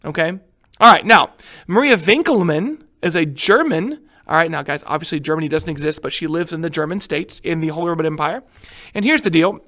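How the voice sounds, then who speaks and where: A man's voice: a little high, lively intonation, fairly quick, bright, forceful tone. A man teaching a recorded history lecture in a casual way, with many fillers and frequent check-ins with students.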